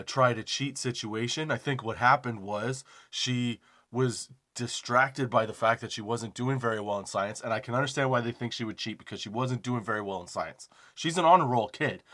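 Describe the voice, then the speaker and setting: Male comedy podcaster, mid-pitch, rambling profane anecdote delivery. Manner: profane, rambling, animated anecdote with self-deprecating laughs. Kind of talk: comedic storytelling monologue.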